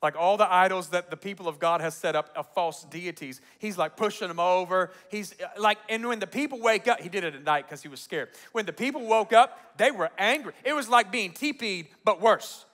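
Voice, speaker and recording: A pastor preaching with a very high, bright voice. He tells the story in an animated, joking way and throws questions out to the congregation. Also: brisk, hardly any pauses. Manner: animated, jokey storytelling with crowd call-outs. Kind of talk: sermon.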